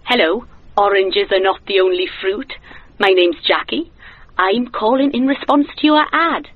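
A woman's voice: mid-range voice, a little slow, dry recording, lightly acted. A woman playing a chatty caller on the phone. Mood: eager. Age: 30s. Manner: chatty, eager. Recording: phone-like, dry.

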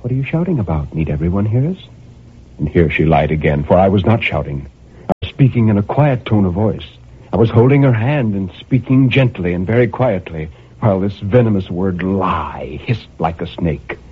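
Low, husky male storyteller, tinny sound. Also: normal speed. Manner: brooding, with impassioned outbursts. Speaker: narrator. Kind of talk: dramatic first-person story reading. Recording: tinny narrow-band recording.

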